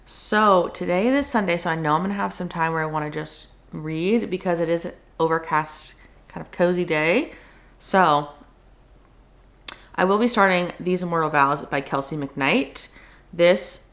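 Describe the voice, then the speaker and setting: At home indoors, a young woman who runs a book vlog chats casually, her speech peppered with "like" and "um". Her voice is lowish and a bit bright.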